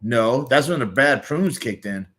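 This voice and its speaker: A man's voice: mid-range voice, lively intonation, measured pace, a bit bright. A man with a Southern US accent voicing an earnest, good-natured little male cartoon hero telling a story.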